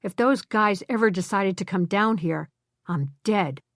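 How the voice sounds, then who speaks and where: A woman voicing an anxious, forlorn male captive speaking his thoughts quietly. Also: medium pitch, unhurried, dry recording, studio quality, natural voice. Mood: hungry. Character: captive male ex-teacher's pet, anxious and glum.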